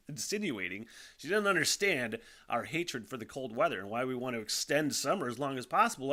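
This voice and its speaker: A man's voice: mid-range voice, expressive, a little fast, sharp tone. A man hosting his own podcast from a home studio, rambling casually and swearing freely, often sighing and laughing between thoughts. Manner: rambling, profane, frequent sighs and laughs. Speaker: podcast host.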